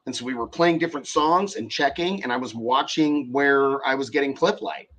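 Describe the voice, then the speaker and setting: A man's voice: medium pitch, moderate pace, fairly bright tone. A young man in casual podcast chat about car audio, rambling and profane with many fillers and restarts.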